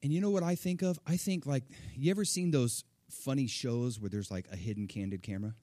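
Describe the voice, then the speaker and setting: A middle-aged man preaching, telling a personal story with animated, acted-out quotes. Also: medium pitch, brisk, dry recording, studio quality. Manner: animated, acts out quoted voices. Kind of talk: sermon storytelling.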